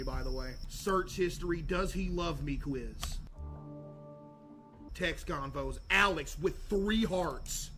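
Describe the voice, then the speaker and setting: A man streaming a game, talking in loud, excitable, jokey bursts and suddenly yelling. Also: a little high, measured pace. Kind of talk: live gameplay commentary. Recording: game music playing behind.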